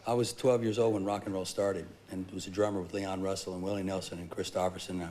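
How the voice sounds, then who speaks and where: A man, a talk show guest telling stories in an animated, laughing way. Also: deep voice, quick pace, a little hiss or hum. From Texas, USA. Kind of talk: talk show interview, storytelling.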